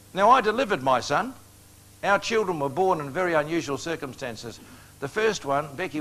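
An older man delivers a storytelling sermon. His voice sits a little high for a man. He talks in a homely, joking way and chuckles at his own tales. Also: a bit bright. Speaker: preacher.

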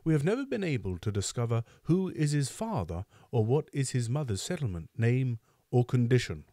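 A man's voice: medium pitch, big pitch swings, moderate pace, dark tone, no echo, studio quality. A man voicing a pompous, self-important parish beadle who speaks in a stern, oratorical way.

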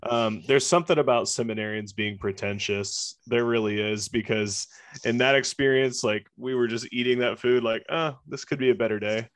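A man's voice: medium pitch, normal speed. A man cohosting a podcast, joking and laughing a lot and swearing freely in casual chat.

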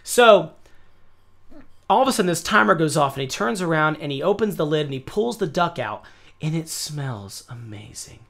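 A man's voice: on the high side, brisk, gravelly. Young American man telling a rowdy story. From United States. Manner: animated, yelling and laughing through a story. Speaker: podcast host. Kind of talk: casual storytelling.

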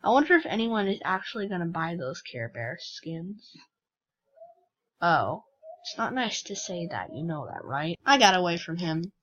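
A woman's voice: medium pitch, animated, normal speed, a bit bright, highs cut off. A woman hosting a gaming channel, chatting casually and teasing other players as she plays. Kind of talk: casual game commentary.

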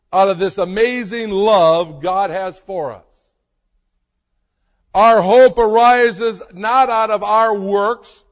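A man preaching in a high, unhurried voice, leaning on each word with emphatic weight and long pauses. His sermon rings out with a long reverb trailing behind it. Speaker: pastor.

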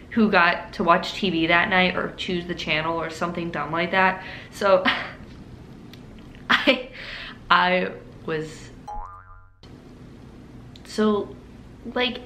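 A young woman vlogger telling a childhood story in a chatty, animated way, with lots of laughs and filler words. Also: mid-range voice. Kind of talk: casual story-time monologue. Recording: roomy room echo with faint hiss.

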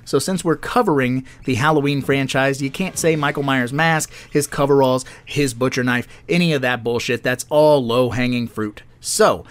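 A man's voice: medium pitch, moderate pace, hardly any pauses. A man co-hosting a film podcast in casual chat, swearing freely and laughing often. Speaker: podcast co-host.

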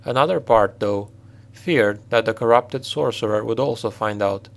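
Man narrating dark fantasy, steady and dramatic. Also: on the low side, normal speed, gravelly. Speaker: audiobook narrator.

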